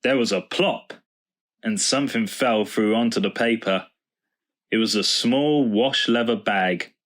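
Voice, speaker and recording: A man narrating a children's storybook in a calm, even way. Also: lowish voice, a little slow. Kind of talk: storybook reading.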